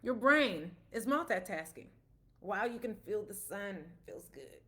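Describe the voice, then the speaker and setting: A woman's voice: medium pitch, lively intonation, unhurried, sharp tone. A woman, a parent, giving a casual explanatory talk about autism, telling stories with quoted dialogue in a conversational way.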